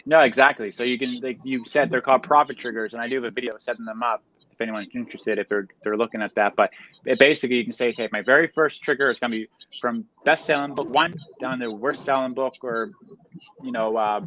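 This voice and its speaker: A man from Canada, a guest on a live stream, talking in a loose, slangy, energetic way with many fillers. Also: mid-range voice, fast talker, highs cut off, a little hiss or hum. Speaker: guest, reseller. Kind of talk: casual interview chat.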